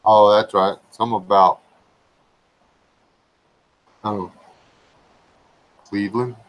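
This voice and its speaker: A man's voice: on the low side, steady tone, slow, poor audio. A man rambling through casual, folksy livestream chat. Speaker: livestream regular.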